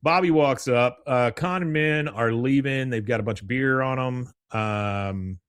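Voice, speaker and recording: Man, podcast host, casual recap, rambling with fillers, mid-pitched, dry close mic. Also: unhurried, fairly bright tone, smooth, no echo. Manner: rambling, with frequent fillers and laughs.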